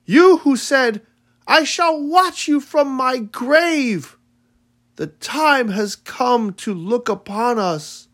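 A man's voice: high-pitched, big pitch swings, slow pace, a bit bright, exaggerated voice. A man voicing a grieving widowed mother who pleads formally before village elders, read as an audiobook. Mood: wailing lament. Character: grieving widowed mother, dignified then desperate. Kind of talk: audiobook reading.

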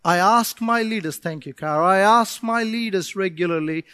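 A man with a strikingly high voice preaches from the pulpit during a church service. He is lively, jokes with his listeners and swells into emphatic shouts. The sound is dry and close, with no echo. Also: moderate pace, smooth. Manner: animated, joking with the congregation. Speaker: pastor. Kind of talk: sermon.

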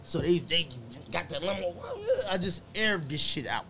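A man telling a story in casual podcast chat, animated and profane, acting out quotes. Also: fairly high pitch, normal speed, a crowd in the background. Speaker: guest.

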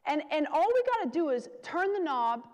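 A woman's voice: high voice, expressive, moderate pace, a little mellow. A woman preaching an earnest, encouraging sermon and speaking sample prayers aloud. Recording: long reverb of a large hall.

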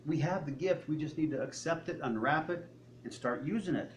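A man's voice: on the high side, fairly quick, a little hiss or hum. Conversational older male pastor preaching. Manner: conversational, acts out dialogue with God and the congregation. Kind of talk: sermon.

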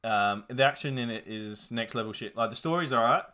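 Young Aussie man, bright rambling chat. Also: medium pitch, fairly quick. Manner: laid-back, rambling, many fillers and swearing. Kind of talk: casual chat reviewing movies.

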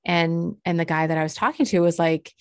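Woman rambling through a story on a podcast, low-ish voice, dry close mic. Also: a little fast, no echo. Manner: animated storyteller, acts out quoted voices high and loud; rambling with restarts and fillers. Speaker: podcast co-host. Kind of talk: casual chat.

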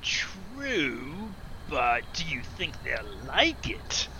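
Man voicing Lewis, a squeaky gravelly demon. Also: very animated, very slow, sharp tone, slight background noise, heavily acted. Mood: eager. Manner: stammering, eager, easily distracted. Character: excitable naive male demon, immortal, eager and nervous. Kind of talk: audio drama acting.

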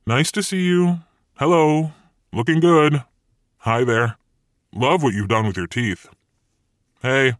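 A man's voice: mid-range voice, takes it slowly, long pauses, no echo, studio quality, voice pushed up, natural voice. A man voicing a confident, commanding male devil who is breezy but menacing in an audiobook. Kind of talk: audiobook character voice.

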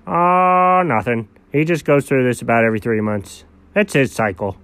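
A man co-hosting an improvised comedy show, playing the exasperated straight man in quick back-and-forth. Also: mid-range voice, fairly bright tone, clear, resonant tone, dry recording. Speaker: comedy co-host.

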